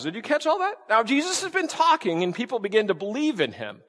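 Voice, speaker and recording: A man's voice: high voice, very animated, fast, a bit bright, big-room sound. A man, a pastor, preaching an emphatic sermon, asking his listeners rhetorical questions and repeating key words.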